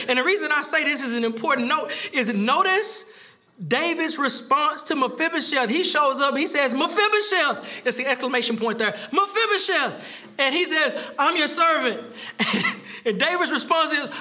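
Male pastor, very high and bright voice, lively preaching style with frequent laughter. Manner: animated preaching with laughs and repeated phrases; acts out quoted speech with rising pitch. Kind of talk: sermon.

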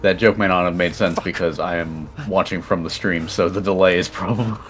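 A man's voice: low-pitched, steady tone, brisk. A young man co-hosting a game stream, chatting casually with dry jokes. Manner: dry, joking. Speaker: co-host watching the stream. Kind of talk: casual chat.

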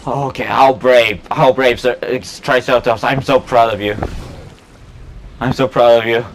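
A man giving casual let's play commentary on a park-building game, chatty and excitable, talking to the dinosaurs and laughing often. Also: mid-range voice, moderate pace, slight background noise. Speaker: gameplay YouTuber.

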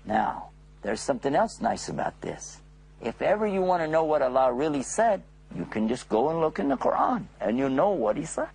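A man tells a religious story to children at a moderate pace, animated and often asking his listeners questions. His gravelly, raspy voice is a little high for a man and rises and falls with plenty of life.

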